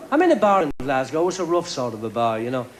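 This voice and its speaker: A man doing a stand-up comedy set of quick one-liners on a TV show. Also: medium pitch, sing-song. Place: TV studio with live audience. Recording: live TV show with crowd laughter and noise.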